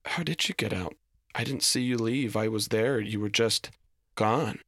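A man's voice: on the low side, a little slow, fairly bright tone, dry recording, clean studio sound. A man voicing a frightened young woman who stammers and panics. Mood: bewildered.

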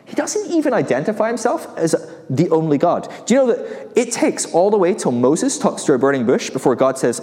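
A man's voice: sits high, big pitch swings, normal speed, few pauses, warm tone. A man preaching in a casual, conversational way, full of rhetorical questions and light chuckles. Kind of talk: casual sermon. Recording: long hall reverb.

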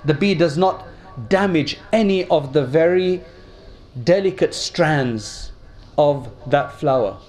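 A man's voice: fairly high pitch, slow pace, a little mellow, soft background music. A man preaching a sermon, telling stories and asking his listeners questions. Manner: storytelling, addresses audience with questions.

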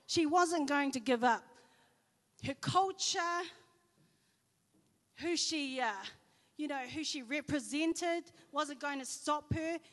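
A woman with a New Zealand accent gives a sermon in a fairly high voice. She tells personal stories and acts out each side of the conversations. Her voice rings with the long reverb of a church hall. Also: fairly bright tone. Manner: storytelling, acting out dialogue. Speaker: preacher.

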